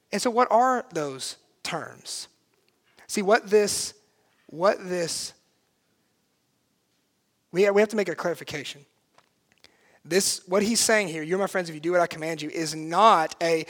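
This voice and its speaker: A man's voice sits high as he preaches a sermon in the role of pastor. Earnest and emphatic, he shifts from quiet, hushed moments to loud, forceful bursts.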